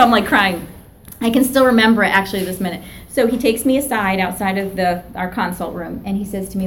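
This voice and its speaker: A woman's voice: mid-range voice, fast talker, noisy background. A middle-aged woman, a therapist and professor, telling stories in an interview, acting out quoted voices and laughing often. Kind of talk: animated storytelling in an interview.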